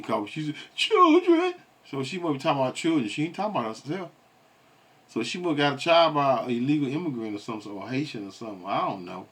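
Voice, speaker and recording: A man rambles through a reaction commentary, stumbling over his words and mocking. His voice sits at an ordinary middle pitch. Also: fairly bright tone.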